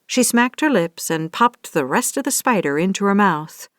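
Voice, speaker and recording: A woman's voice: mid-range voice, lively intonation, moderate pace, dry recording, clean studio sound. Woman narrating a romance audiobook. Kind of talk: scripted narration.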